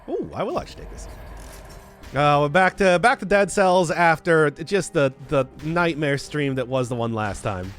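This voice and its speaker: A Midwestern game streamer with a fairly bright, high-leaning voice gives animated live commentary, talking into a desk mic run through a mixer. He rambles, interrupts himself, restarts sentences and laughs easily while chatting with viewers.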